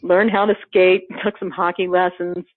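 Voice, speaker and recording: A woman telling a funny personal story in casual chat, animated and laughing often, acting out the quotes. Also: lowish voice, normal speed, no echo. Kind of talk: casual anecdote. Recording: phone-like narrow sound.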